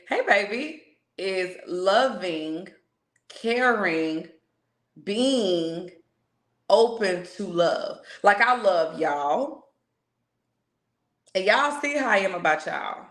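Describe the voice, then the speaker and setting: A woman giving a casual spiritual pep talk as a reader, frank and a bit profane, slowing right down to stress key words. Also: mid-range voice, expressive. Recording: echoey room.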